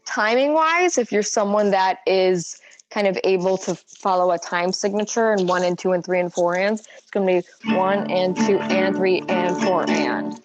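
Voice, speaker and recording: Woman guitar teacher, mid-pitched and chatty; her strumming runs underneath on a slightly muffled recording. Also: normal speed. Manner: chatty, thinks aloud with fillers. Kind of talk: casual guitar lesson. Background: her own guitar playing.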